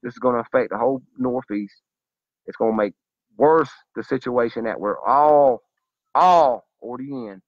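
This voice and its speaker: Man, impassioned preachy vlog rant, profane, mid-pitched, lo-fi dry sound. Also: normal speed, gravelly, no room sound. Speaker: vlogger. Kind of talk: impassioned monologue to camera.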